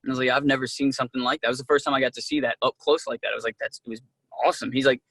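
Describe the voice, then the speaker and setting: A man being interviewed as an actor, telling casual, animated stories and acting out what people said, with many fillers. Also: medium pitch, racing, no room sound. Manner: animated, acts out quoted dialogue, many "like"s. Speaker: actor guest.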